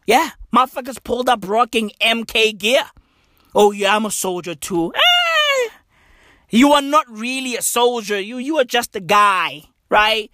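A speaker delivering a profane, mocking comic rant, swinging between loud and soft. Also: medium pitch, no echo, clean studio sound. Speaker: comedian.

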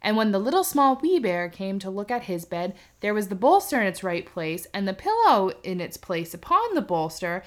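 A woman's voice: mid-range voice, big pitch swings, moderate pace, few pauses. A woman hosting a podcast, reading a folk tale aloud with wry asides. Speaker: podcast host. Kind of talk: casual storytelling podcast.

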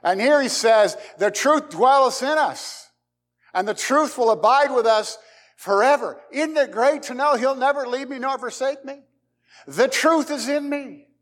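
A man preaching a sermon as a pastor, animated, swinging between loud emphasis and quiet, confiding asides. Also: very high voice, normal speed, long reverb tail.

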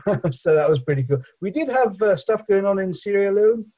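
A man's voice: high voice, lively intonation, fairly quick, dark tone, highs cut off. A man from England, whose first language is Bengali, chatting loosely as an interview guest with lots of fillers. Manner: rambling, many fillers and "you know". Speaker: guest, engineering professor and charity founder. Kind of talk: casual conversational interview.

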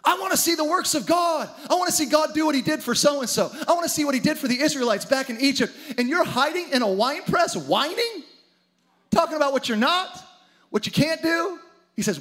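A man's voice: extremely high pitch, animated, brisk, fairly bright tone. A man preaching a sermon with dramatic energy, acting out the story's characters in his own voice. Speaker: pastor.

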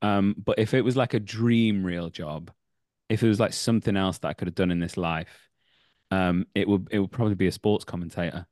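A man in his thirties, an actor guest, chats in a casual, rambling way, circling back and correcting himself. His voice sits low, and the recording is close and dry. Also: fairly even intonation, a little fast, darkish tone, no echo. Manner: rambling, many fillers and restarts, self-correcting. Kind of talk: casual interview chat.

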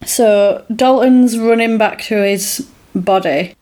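Woman, casual chat, animated retelling, acts out voices. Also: medium pitch, slow. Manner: animated retelling, acting out lines with laughs. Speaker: podcast co-host recapping a film.

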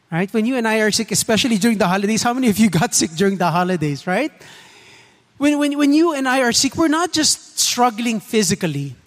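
A man preaching a sermon. He talks earnestly and keeps asking the congregation questions. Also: high voice. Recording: echoey hall reverb.

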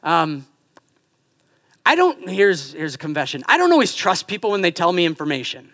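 High, bright-voiced joking male pastor. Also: moderate pace. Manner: animated and joking, acts out quoted voices. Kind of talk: sermon. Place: church sanctuary.

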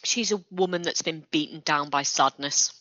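A woman's voice: sits low, normal speed, bright, forceful tone, no room sound. A woman co-hosting a casual chat podcast, making dry, teasing asides. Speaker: podcast co-host. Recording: dull dry lo-fi audio.

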